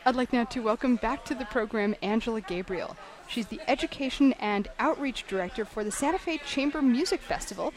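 A woman hosting a radio show, giving short affirmations and smooth guest introductions. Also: on the high side, brisk, hardly any pauses. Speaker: radio host.

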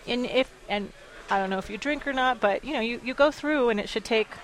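A woman's voice: on the high side, brisk, low-quality recording. Woman advocate telling a story animatedly. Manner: animated storytelling, quotes others, laughs often. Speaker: executive director of an advocacy group. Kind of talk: radio interview.

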